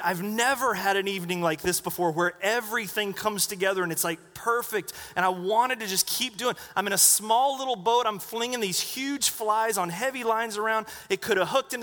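A man's voice: high voice, sharp tone. A middle-aged man preaching, telling a chatty story full of asides and acted-out quotes to his congregation. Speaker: pastor. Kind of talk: sermon story. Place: church sanctuary. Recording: long reverb of a church hall.

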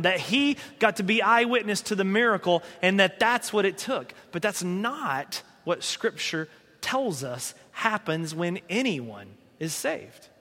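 A man with a fairly high voice preaches a conversational sermon, slipping into animated quoted voices as he tells the story. His voice rings with a long reverb, as if he is speaking in a large church hall. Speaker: pastor.

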